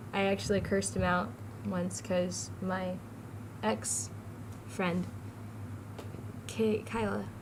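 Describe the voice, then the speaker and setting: Teen girl rambling on her vlog, giggly, faint hiss behind her. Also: mid-range voice. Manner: chatty, giggly, jumps between topics. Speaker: vlogger.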